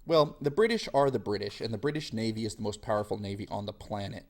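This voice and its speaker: A man's voice: lowish voice, fast. A male history teacher giving a chatty, self-deprecating classroom lecture.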